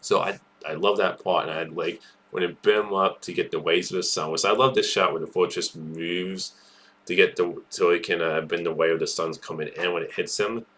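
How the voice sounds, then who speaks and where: Low-voiced man rambling about a film clip. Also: fairly even intonation, moderate pace, bright, forceful tone. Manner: rambling, enthusiastic, many restarts and fillers. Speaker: movie news host. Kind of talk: casual solo commentary.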